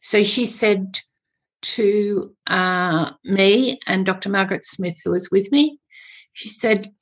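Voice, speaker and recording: A woman guest on a podcast, telling her story in a hesitant way with many pauses and fillers. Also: medium pitch. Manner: hesitant, searching for words. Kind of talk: interview storytelling.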